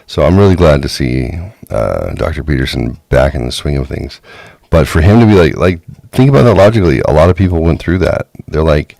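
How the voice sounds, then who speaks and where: A man's voice: very deep voice, lively intonation, fairly quick, darkish tone, no echo. A man co-hosting a casual talk show, chatting conversationally and often chiming in to agree. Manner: gravelly, conversational, frequent agreeing. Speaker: podcast co-host. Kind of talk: casual chat.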